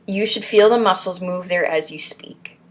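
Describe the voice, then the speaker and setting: A woman's voice: on the low side, moderate pace. A young woman from Florida reads through speech exercises and adds encouraging asides as a support group host. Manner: encouraging, pep-talk asides between read points. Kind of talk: reading and commenting on speech exercises.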